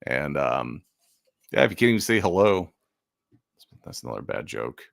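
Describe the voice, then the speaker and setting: A man's voice: very deep voice, sing-song, moderate pace, vocal fry, dry recording, clean studio sound. A man in casual chat about selling art at conventions, rambling and making self-deprecating jokes. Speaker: convention artist and channel host.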